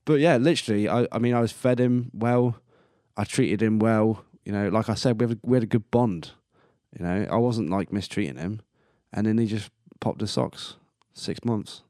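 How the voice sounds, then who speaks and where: Rambling man, low dry voice. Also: normal speed, mellow, dry recording. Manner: rambling, chatty, swears casually, laughs at himself. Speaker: podcast host. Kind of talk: casual solo podcast monologue.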